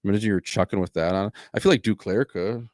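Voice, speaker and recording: A man's voice: lowish voice, fast talker, darkish tone, dry recording, studio quality. A man co-hosting a podcast in casual sports chat, laid-back and matter-of-fact, swearing now and then. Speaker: podcast co-host.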